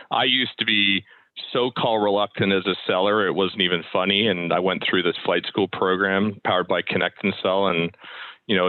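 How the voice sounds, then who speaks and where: Upbeat deep-voiced man pitching by phone. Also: dry recording. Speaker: sales caller. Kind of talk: live cold sales call. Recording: tinny phone-like audio, dry.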